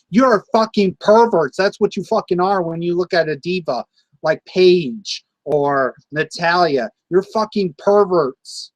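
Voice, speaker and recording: A man's voice: sits high, a little slow, no echo, low-quality recording. A man in his late twenties ranting angrily to camera about wrestling fans, swearing and repeating himself. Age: 20s. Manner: angry, profane, repeats himself. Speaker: wrestling vlogger.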